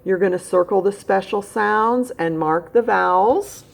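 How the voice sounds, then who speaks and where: A woman's voice: mid-range voice, measured pace, vocal fry. A woman teaching a recorded phonics lesson, speaking straight to a young pupil at home and patiently repeating key points. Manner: speaks directly to a child at home.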